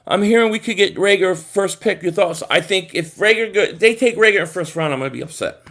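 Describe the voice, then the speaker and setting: A young man hosting a casual live stream, reading comments and rambling excitably about football with lots of repeated words. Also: high-pitched, a little fast.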